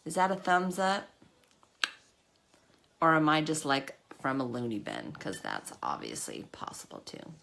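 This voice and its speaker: Casting: woman host on a makeup livestream, lowish voice with a lively pitch, chatty and emotional, webcam sound. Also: a little slow, vocal fry, pauses often, slight background noise. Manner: chatty, emotional, self-deprecating, talks to viewers by name. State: tearful at times. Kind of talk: casual live makeup chat.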